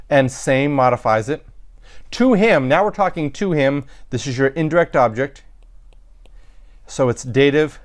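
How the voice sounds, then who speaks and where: A man's voice: medium pitch, clear, resonant tone. A man teaching a recorded Latin lesson, thinking aloud as he works through sentences, with frequent restarts and self-corrections. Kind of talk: recorded lecture.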